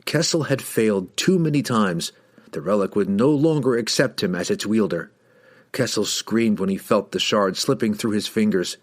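A man narrating a fantasy novel as an audiobook, telling it with dramatic, expressive storytelling. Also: fairly low pitch, normal speed.

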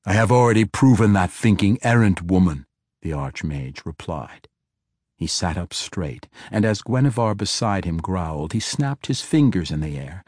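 Deep-voiced male audiobook narrator. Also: a little mellow, no room sound, clean studio sound. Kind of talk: scripted fantasy narration.

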